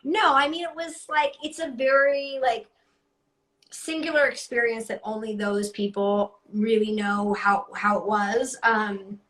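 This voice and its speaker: A woman's voice: fairly high pitch, fairly even intonation, unhurried, fairly bright tone. A woman in her thirties, a guest voice actor, talking in a rambling, self-deprecating way full of "like". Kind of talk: casual interview chat.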